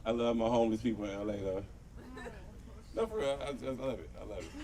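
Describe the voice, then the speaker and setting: A man's voice: fairly low pitch, fast, recorded from a distance. A man doing a crude stand-up comedy set at an outdoor show, telling stories with voiced quotes and talking to the crowd. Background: crowd laughing.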